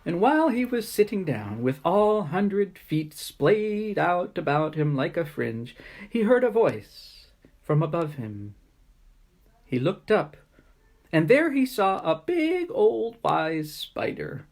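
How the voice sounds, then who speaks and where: A woman tells a children's story in a playful, animated voice. She takes her time, and her pitch rises and falls in lively swings. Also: slow pace. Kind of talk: reading a children's story aloud.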